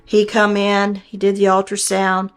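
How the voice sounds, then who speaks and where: An older woman tells her story in an earnest, plainspoken way, with homespun grammar and a middle-pitched voice. Faint music plays softly underneath. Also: monotone, unhurried, clean tone. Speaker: storyteller recounting a near-death experience. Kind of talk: personal storytelling.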